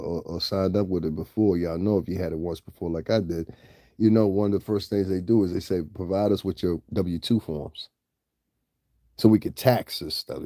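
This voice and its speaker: A man's voice: sits low, warm tone, dry recording, studio quality. A man, talking casually and directly to a rival online, laid-back and laughing often. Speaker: YouTube commentator. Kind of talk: casual direct-address commentary.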